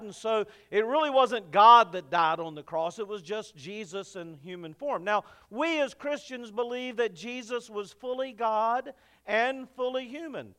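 A male pastor preaches in a relaxed, conversational manner, often turning to ask his listeners questions. His voice sits high for a man and sounds smooth and resonant. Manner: conversational storytelling, addresses the congregation. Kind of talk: sermon.

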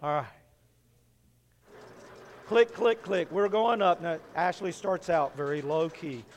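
Pastor man telling a story in his sermon, animated and playful, high voice. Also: takes it slowly, slight background noise.

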